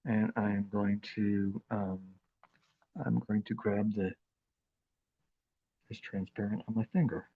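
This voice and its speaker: A man hosting a live craft demonstration, talking in an unhurried, chatty way with plenty of fillers as he works with his hands. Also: fairly low pitch, little pitch movement, slightly rough, narrow, tinny audio. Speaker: craft demo host.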